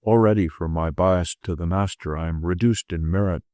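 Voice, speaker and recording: A man voicing a male prisoner in an asylum who speaks in a soft, solicitous, pleading way. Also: low voice, moderate pace, dry recording, natural voice.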